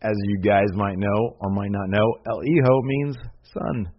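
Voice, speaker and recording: A man's voice: fairly low pitch, measured pace. A man casually recapping a show in a rambling way, full of fillers and joking asides. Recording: dull lo-fi recording.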